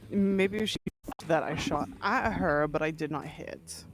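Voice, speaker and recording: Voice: mid-range voice, unhurried. Chill streamer bantering over a game, teasing, faint hiss. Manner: laid-back, laughs easily, teasing. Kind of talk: casual gaming chat.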